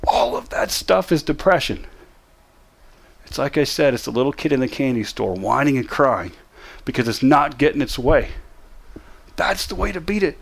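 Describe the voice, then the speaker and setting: A man speaks as a counselor giving a motivational lesson. He talks straight to the listener in short, emphatic bursts, repeating commands for effect. His voice sits at a middling pitch but leaps and dips with animated, lively intonation. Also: normal speed, vocal fry, long pauses, breathy edge. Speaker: counselor teaching depression management. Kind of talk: motivational teaching talk.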